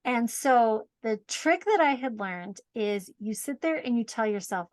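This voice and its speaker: A woman guest on a podcast, telling a personal story in an animated, self-mocking way and laughing often. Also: on the high side, normal speed, dry recording. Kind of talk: casual storytelling.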